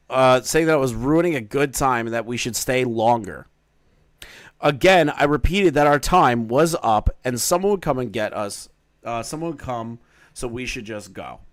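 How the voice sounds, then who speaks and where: Man casually reading and mocking a document. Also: medium pitch. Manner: casual, profane, sarcastic asides. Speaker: drama commentary YouTuber. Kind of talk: reading aloud and commenting on a document.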